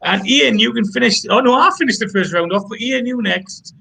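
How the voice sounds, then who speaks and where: A man's voice: very high-pitched, a little fast, creaky, pushed and bright, slight background noise. A man with a Geordie accent hosting a pun contest, chatty and teasing, with self-mocking banter. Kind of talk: casual banter.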